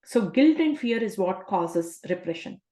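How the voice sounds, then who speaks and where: A woman's voice: mid-range voice, lively intonation, unhurried, dark tone. A woman coach giving a self-help talk in a conversational way, often asking rhetorical questions. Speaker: life coach. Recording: roomy echo.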